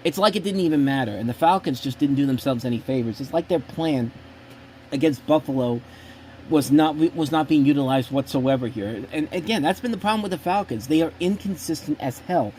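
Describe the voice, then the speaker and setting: A man's voice: on the high side, animated, a little fast, a little mellow, slight background noise. A man hosting a show, giving casual sports predictions in a blunt, opinionated and rambling way with frequent restarts. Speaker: host.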